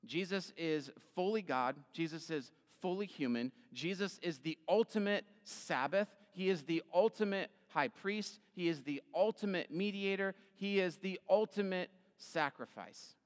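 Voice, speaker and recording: A man's voice: sits high, unhurried, few pauses. A man preaching an Easter sermon as pastor, retelling scripture in a casual, conversational way with fillers. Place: church sanctuary. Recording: long hall reverb.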